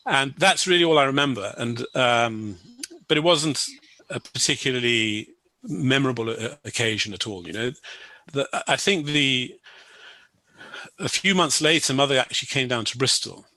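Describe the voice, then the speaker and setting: Male guest, crisp dry voice, meandering anecdote full of restarts. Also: mid-range voice, moderate pace, pushed and bright, no echo. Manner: rambling, full of "you know" and restarts. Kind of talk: personal storytelling.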